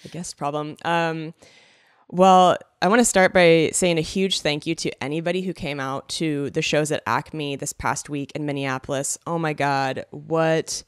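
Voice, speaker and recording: A giggly, chatty woman co-hosting a podcast, her voice sitting low. She sounds close and dry, with no room around her. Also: fairly even intonation, a little slow, clean tone, no echo. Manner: giggly, chatty, laughs often. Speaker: podcast co-host. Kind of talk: casual chat.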